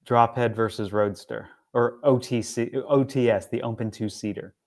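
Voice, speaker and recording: A man's voice: mid-range voice, steady tone, normal speed, darkish tone. A man co-hosting a casual car chat, easygoing and agreeable, often restarting his sentences. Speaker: podcast co-host.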